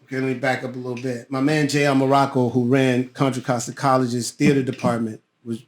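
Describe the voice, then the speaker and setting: A man's voice: mid-range voice, a little fast. A middle-aged man, a guest actor, telling stories in a casual podcast chat with plenty of cursing, acting out the people in his tales. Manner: profane, lively storyteller who acts out voices. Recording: roomy echo.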